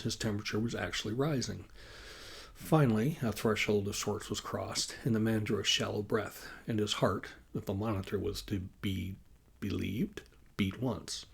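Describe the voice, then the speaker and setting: A man reads his own novel aloud in a measured, even audiobook manner. His voice is low and gravelly, with a husky edge. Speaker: author reading his novel. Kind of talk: audiobook narration.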